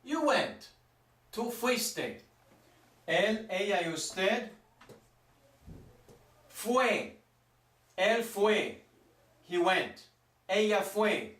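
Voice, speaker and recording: Male teacher, high voice, slow and deliberate, recorded from a distance in a roomy space. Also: animated, fairly bright tone. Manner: plain, repeats and stresses forms slowly. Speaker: Spanish teacher. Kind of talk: classroom grammar lesson. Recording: echoey room, mic at a distance.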